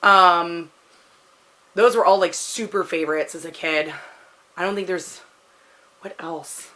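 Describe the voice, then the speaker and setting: Her voice is lowish, steady and sharp, and she speaks a little slowly. The Pacific Northwest vlogger, in her thirties, chats her way through a question tag, rambling and filling gaps with "like."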